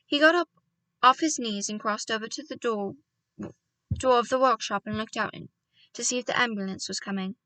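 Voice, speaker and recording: A woman's voice: fairly high pitch, a little fast, sharp tone, no echo, recorded from a distance. A woman reading a children's novel aloud, breaking off for casual asides to her viewers. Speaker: audiobook reader.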